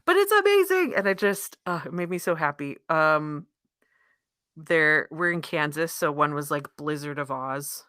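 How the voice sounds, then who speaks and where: A woman in her thirties with a low voice, chatting on a podcast and telling stories with plenty of laughter. The recording is dry and close, with no room sound. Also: sing-song, unhurried, a bit bright, no room sound. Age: 30s. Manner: chatty storyteller, laughs often. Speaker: podcast co-host. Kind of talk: casual chat.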